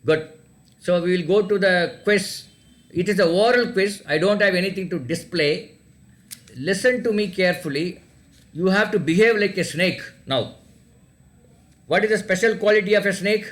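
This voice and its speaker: Speaking at normal speed but with long pauses, a quiz teacher whose voice sits high and a bit bright reads questions to students online. He says each question again and spells words letter by letter.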